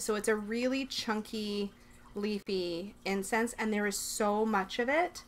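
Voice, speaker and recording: A woman casually chatting to camera while unboxing, excitable and gushing, talking to herself as she goes, in her bedroom. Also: medium pitch, a little slow, a little hiss or hum. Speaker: vlogger unboxing a subscription box.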